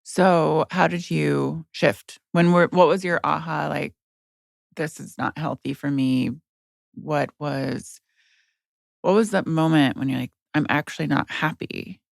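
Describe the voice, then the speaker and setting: A woman hosts a podcast, asking reflective and empathetic questions. Her voice carries a gravelly fry. The recording is dry and close. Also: low voice, fairly even intonation, slow, dry recording. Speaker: podcast host. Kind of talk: interview questions.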